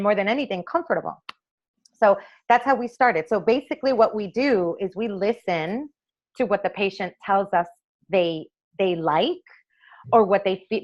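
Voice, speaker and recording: A woman's voice: mid-range voice, lo-fi sound. A woman optometrist telling the story of how she came to make her own eyewear, acting out the dialogue she quotes. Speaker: optometrist and eyewear maker, interview guest. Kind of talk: conversational interview storytelling.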